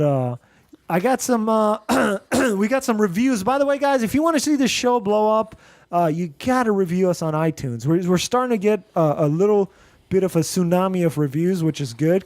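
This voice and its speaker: Podcast host, man, mixed Indian-American accent, high voice, loose rambling delivery with laughs. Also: darkish tone, no echo. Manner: rambling, laughs often, restarts and fillers. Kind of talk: casual podcast chat, reading listener reviews.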